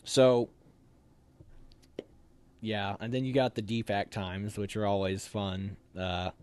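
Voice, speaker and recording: An American man telling army stories in a casual, animated way, with loud barked drill commands now and then. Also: lowish voice, slow pace, clear, resonant tone. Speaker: officer candidate telling stories. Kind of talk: casual storytelling.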